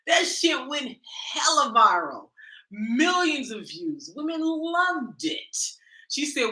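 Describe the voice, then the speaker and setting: A woman coach gives a lively motivational talk, speaking straight to her listeners in a loose, conversational way. Her voice is bright and forceful. The sound carries the echo of the room. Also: sits high, takes it slowly. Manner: animated, conversational, addresses audience directly. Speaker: women's coach and teacher.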